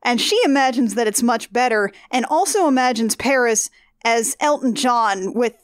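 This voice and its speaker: A woman talks through a movie plot in loose, rambling podcast chat. Her voice sits a touch high, and it comes across close and dry with no room sound. She trips over her words, flusters, and slips in little laughing asides. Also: animated, normal speed, dry recording. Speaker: podcast co-host. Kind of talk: casual movie recap chat.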